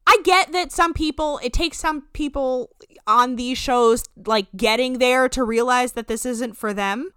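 A woman hosts a podcast in a bright, crisp voice that sits a little high. She rants and swears with plenty of animation, and the sound is close and dry. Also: a little slow, no echo. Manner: animated, profane, ranting. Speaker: podcast host. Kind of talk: casual recap chat.

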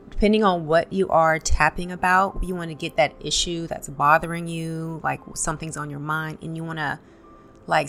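A woman leading a guided tapping session, calmly calling out tapping points and repeating affirmations for listeners to echo. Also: low-pitched, a little hiss or hum. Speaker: tapping instructor.

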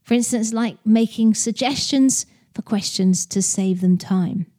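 A woman's voice: fairly high pitch, unhurried, dark tone. A woman who hosts a podcast, giving business advice in a chatty, direct way and explaining with stories and analogies. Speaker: podcast host.

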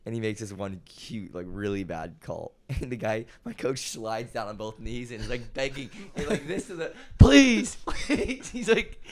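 A man's voice: lowish voice, moderate pace, hardly any pauses. A young man co-hosting a podcast, telling amused anecdotes in casual chat.

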